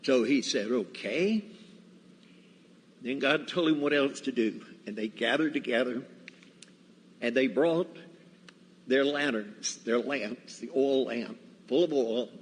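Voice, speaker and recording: A guest preacher with a medium-pitched voice tells stories in a sermon, slow, folksy, and deliberate, in a church sanctuary. The reverberant hall carries faint ambience plus a little hiss or hum.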